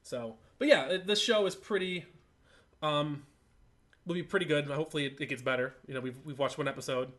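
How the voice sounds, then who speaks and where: A man co-hosting a casual podcast, opinionated and animated as he thinks aloud about a cartoon. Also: fairly high pitch, a little fast. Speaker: podcast co-host.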